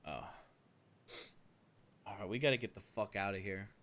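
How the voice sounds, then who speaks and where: A man's voice: fairly low pitch, normal speed, a bit bright. A man playing a tabletop role-play game, talking in a casual, profane way. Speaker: player.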